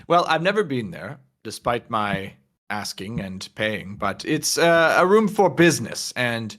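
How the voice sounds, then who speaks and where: A man's voice: medium pitch, sing-song, measured pace, a bit bright. A man voicing a stoned, leering male noble who rambles and flirts in a drawling way during a tabletop game. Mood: amused. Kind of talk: tabletop character voice.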